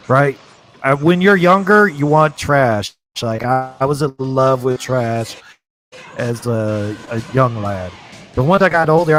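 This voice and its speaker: A young adult man casually chatting and rambling as he hosts a live stream, laughing often. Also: mid-range voice.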